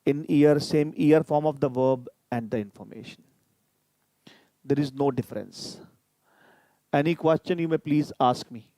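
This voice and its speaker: Guy teaching grammar live, slow and patient, kinda mellow tone, dry sound. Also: fairly high pitch, dry recording. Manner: slow, patient explaining with repeated examples. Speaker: language teacher. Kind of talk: live online grammar lesson.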